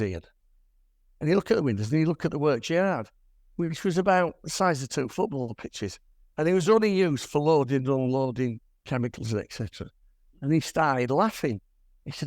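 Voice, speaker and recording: A man's voice: on the high side, expressive, moderate pace, no echo. Older man telling wry stories. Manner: chatty storyteller with dry wry humour. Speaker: guest presenter at a camera club. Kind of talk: slide talk with anecdotes. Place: club meeting room.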